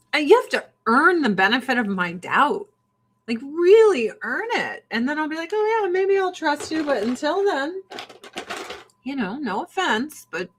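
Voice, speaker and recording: A woman's voice: sits high, fairly bright tone, slight background noise. A woman in a casual political rant, blunt, sarcastic and often profane. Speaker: livestream host.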